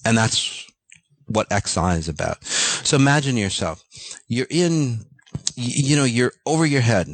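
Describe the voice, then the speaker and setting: A man's voice: medium pitch, lively intonation, a little slow, pauses often, dry recording. A man giving an unscripted motivational monologue, ranting bluntly with frequent fillers and swearing. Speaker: self-help speaker.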